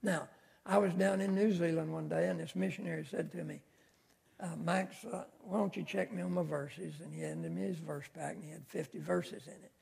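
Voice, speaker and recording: A man's voice: a little high, steady tone, moderate pace, creaky, a little mellow, husky. An older man teaching a Sunday school class in a folksy, conversational way, with homespun asides. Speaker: Bible teacher.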